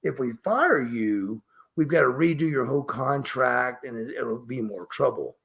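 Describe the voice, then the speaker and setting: A man's voice: medium pitch, lively intonation, a little slow, vocal fry, fairly bright tone. A middle-aged man, emphatic and profane, telling a story as a podcast guest. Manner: emphatic, profane, refers to himself by name. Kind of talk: storytelling interview.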